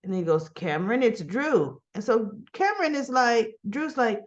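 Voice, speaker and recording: A woman's voice: on the high side, animated, normal speed, hardly any pauses, dull audio. A woman casually recapping a soap opera episode, acting out the characters' lines and adding exasperated asides.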